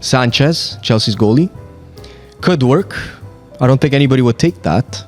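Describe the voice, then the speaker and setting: A man competing in a quiz with friends, excitable and over-dramatic in casual banter. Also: mid-range voice, moderate pace, faint music behind. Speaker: quiz contestant.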